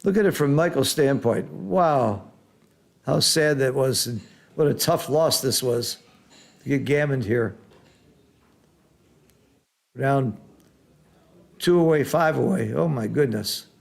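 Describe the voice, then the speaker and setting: A middle-aged man commentates a backgammon match live, exclaiming at the rolls and then calmly explaining strategy like a teacher. His medium-pitched voice is slow with vocal fry and long pauses.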